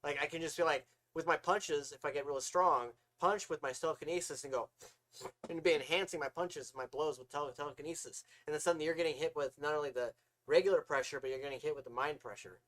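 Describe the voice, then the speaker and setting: A man co-hosting a casual podcast, telling long, animated stories, acting out voices and swearing often. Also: fairly high pitch, fast. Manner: rambling, animated storytelling that acts out voices, with frequent swearing. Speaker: podcast co-host.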